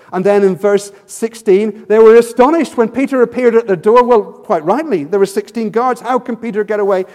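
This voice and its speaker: A man preaching a sermon, animated and acting out quotes with rising emphasis. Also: high-pitched. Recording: reverberant hall.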